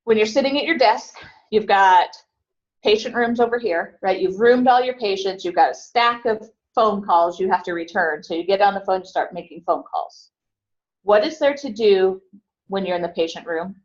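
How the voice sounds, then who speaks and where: A woman's voice: mid-range voice, normal speed, highs cut off. A woman instructor giving a conversational classroom lecture and asking her students questions.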